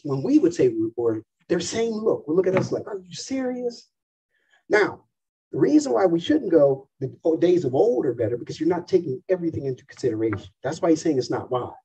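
Husky, animated preaching man. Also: a little high, far from the mic, lo-fi sound. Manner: emphatic, animated preaching with rhetorical questions. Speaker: pastor. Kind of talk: sermon.

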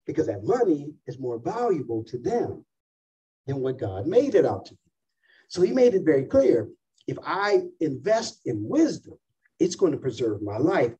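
A husky-voiced man in his fifties preaching a sermon, emphatic and full of rhetorical questions. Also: fairly high pitch, warm tone, distant mic, lo-fi sound. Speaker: pastor.

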